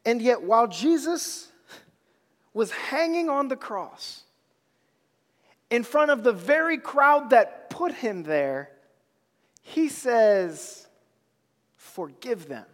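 A man's voice: very high voice, very animated, slow pace, long pauses, a bit bright, big-room sound. A man preaching a sermon, with emphatic repetition and casual slang.

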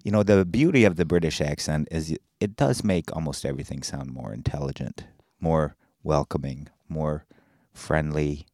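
A man's voice: rumbling low, moderate pace, darkish tone, no echo, studio quality. A man co-hosting a podcast in casual chat, tossing in teasing jokes. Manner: joking, teasing banter. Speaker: podcast co-host.

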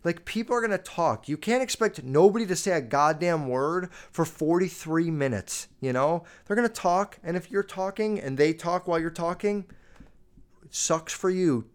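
A young man holds forth alone on his podcast in a casual, swear-filled rant. His voice sits slightly high for a man, and he hammers his points home with emphasis. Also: expressive, normal speed, smooth. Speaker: podcast host. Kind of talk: solo podcast monologue.

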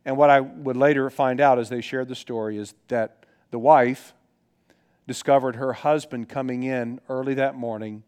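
Earnest middle-aged pastor preaching. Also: male voice, mid-range voice, fairly even intonation, moderate pace, darkish tone, smooth. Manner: earnest, conversational storytelling with many restarts. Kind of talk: sermon.

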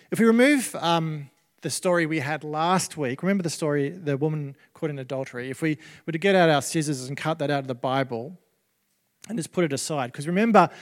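A man's voice: on the high side, in a large hall. A man preaching a sermon as pastor, conversational, with many fillers and restarts.

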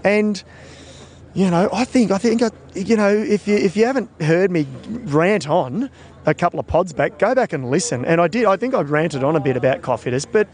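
A man's voice: high voice, lively intonation, moderate pace, darkish tone. A man co-hosting a cycling podcast, bantering and laughing as he chats. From Australia. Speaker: podcast co-host. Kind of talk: casual chat.

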